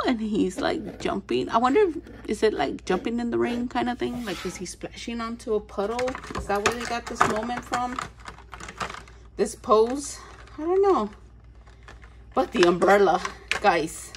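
A woman unboxing collectible toys in casual chat, gushing over each one, gasping often and slipping into soft whispers. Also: on the high side, lively intonation, normal speed, noisy background. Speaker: toy collector vlogger.

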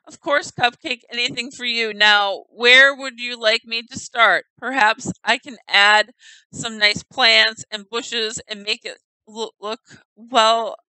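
A woman's voice: a little high, fairly even intonation, takes it slowly, bright, forceful tone, clean tone, no echo, exaggerated voice, low-quality recording. Woman reading a sweet, obliging game helper.

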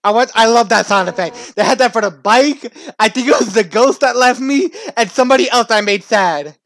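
A man's voice: very high voice, a little fast, no room sound. Playful man commenting on a game. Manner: playful, laughing, jumpy loud asides. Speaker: gaming streamer. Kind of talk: let's play commentary.

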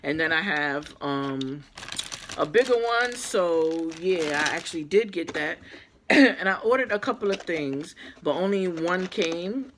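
Female vlogger, hoarse from losing her voice, chatty unboxing talk to viewers, recorded on a tripod camera. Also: fairly low pitch, expressive, unhurried, slight background noise. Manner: chatty, addresses viewers as guys. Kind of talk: casual unboxing vlog. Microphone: camera on a small tripod.

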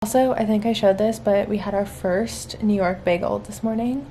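A woman's voice: medium pitch, normal speed, background noise. A woman co-hosting a casual vlog, chatty and giggly, with frequent fillers. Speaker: vlog co-host. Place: inside a car, then a hotel suite.

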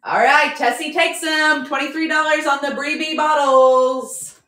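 A woman's voice: high-pitched, fairly even intonation, a little slow, bright, forceful tone. A woman selling decor in a live auction stream, chatty, upbeat and joking as she goes. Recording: roomy echo.

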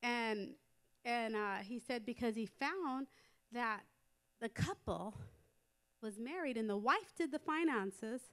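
A middle-aged American woman preaching a sermon in a church, telling stories in a lively way and building to emphatic exhortation. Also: sits high. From United States. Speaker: women's conference speaker. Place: church sanctuary.

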